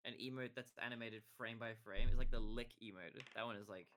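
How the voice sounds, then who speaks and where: A man's voice: medium pitch, steady tone, fast talker, bright, forceful tone, a little hiss or hum. A man streaming a video game, chatting casually and joking in a nasal voice with lots of fillers. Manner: joking, rambling, many fillers.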